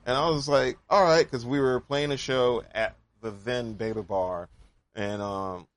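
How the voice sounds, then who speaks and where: A man's voice: mid-range voice, fairly even intonation, measured pace. A man who is a musician, telling stories in a laid-back, jokey casual chat. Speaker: musician, podcast co-host.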